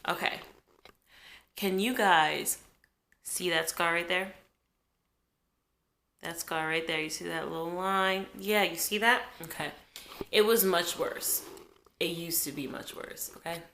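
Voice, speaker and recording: Chatty bright young woman in an echoey room. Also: lowish voice, a little slow, pauses often. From New Jersey, USA. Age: 20s. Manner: animated, chatty, talks straight to viewers. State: has a cold. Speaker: vlogger. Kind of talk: casual storytime vlog.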